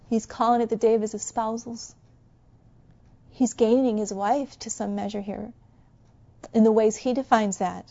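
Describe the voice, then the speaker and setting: A woman preaching a sermon, soft and musing at times and fervently exhorting at others. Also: medium pitch, dull audio.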